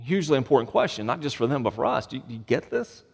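A male pastor preaching a sermon in a church sanctuary, animated, firing off rhetorical questions and joking asides. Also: medium pitch, racing, vocal fry, slightly rough. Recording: long hall reverb.

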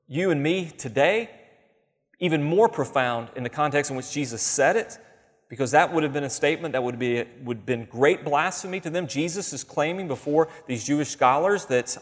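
A pastor teaching a conversational, emphatic sermon in church, reading scripture passages aloud. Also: male voice, on the high side, lively intonation, normal speed, big-room sound.

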